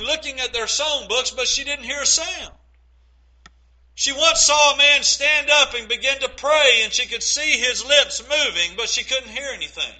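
A man preaching with a strikingly high, piercingly bright voice. He is middle-aged and delivers his sermon earnestly, pressing points home with emphatic rhetorical questions. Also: low-quality recording.

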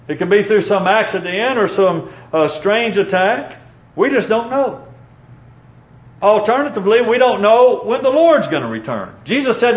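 A man preaching a sermon, earnest and unhurried, quoting scripture and pausing with fillers. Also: high-pitched. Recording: echoey, dull room sound.

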